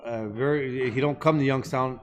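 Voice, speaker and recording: A man's voice: medium pitch, fairly even intonation, moderate pace, dull audio, slight background noise. Profane man rambling through a story. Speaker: podcast co-host. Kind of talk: casual chat.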